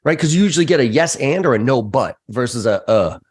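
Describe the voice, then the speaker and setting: A middle-aged American man, a sales trainer, telling stories candidly with profanity and lively quoted voices. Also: fast talker, husky. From United States. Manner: animated, profane, acts out quoted voices with big pitch jumps. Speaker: sales trainer and podcast guest. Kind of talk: candid conversational storytelling.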